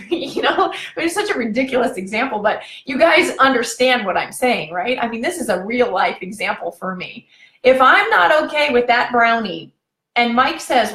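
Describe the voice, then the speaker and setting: A relationship vlogger chats casually with her viewers, handing out advice, asking them direct questions and using lots of fillers. Her voice is fairly high and a bit bright, with lively intonation and a moderate pace. The recording has a roomy sound.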